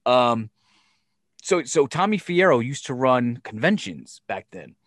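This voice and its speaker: A man hosting a podcast, telling a story in casual chat, animated and profane, acting out scenes as he goes. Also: mid-range voice, unhurried, dry recording, studio quality.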